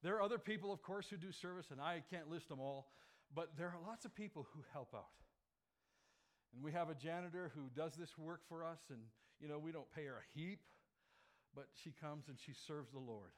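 A man preaching to his congregation, his voice sitting a little high for a man. He jokes with the room and keeps bursting into loud, stressed phrases before he drops back to an easy chatty tone. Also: brisk. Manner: lively and joking, with sudden loud emphatic phrases. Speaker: pastor. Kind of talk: sermon.

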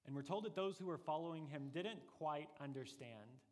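A man preaching a sermon as pastor, earnest and deliberate, pressing his points with rising emphasis. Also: fairly high pitch, long reverb tail.

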